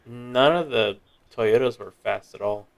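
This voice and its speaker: A young man with a middle-range voice co-hosts a relaxed racing chat. He is tired after a long drive and runs through the standings one by one in an easygoing way. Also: medium pitch, a little slow, creaky. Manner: easygoing, reads standings in a list. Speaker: podcast co-host. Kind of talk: casual chat.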